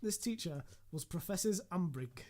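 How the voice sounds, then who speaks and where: Man, hammy mock-dramatic reading, comedy fan fiction, lively swooping pitch. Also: normal speed. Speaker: reader.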